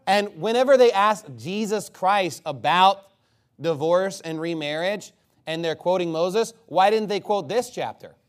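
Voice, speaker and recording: A man preaching an expository sermon, animated and mocking, reading scripture aloud and breaking into impressions. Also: high-pitched, a little slow.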